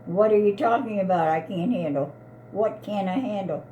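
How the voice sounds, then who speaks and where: A woman's voice: medium pitch, moderate pace, phone-quality sound, a little hiss or hum. A woman in her eighties, an elderly mother, arguing in an upset, pleading way and repeating herself. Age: 80s. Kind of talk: heated family argument.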